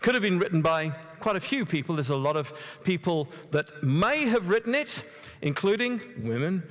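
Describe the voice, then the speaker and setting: A man with a fairly high voice tells a story from the pulpit and keeps asking his listeners questions. He stumbles now and then, repeating a word before carrying on. His voice rings through a large church with a long echo. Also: very animated, moderate pace, fairly bright tone. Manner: storytelling, asks the congregation questions. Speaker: preacher. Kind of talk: conversational sermon.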